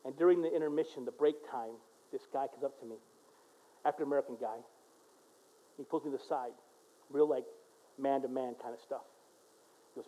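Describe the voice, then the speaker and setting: A male pastor preaching a sermon, dropping to a quiet voice for prayers and rising to loud, emphatic exhortation. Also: mid-range voice, fairly quick, long pauses, poor audio.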